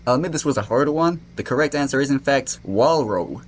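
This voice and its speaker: A man's voice: mid-range voice, lively intonation, brisk, slight background noise. A man hosting a trivia segment on a casual podcast, playful and teasing as he asks and answers questions.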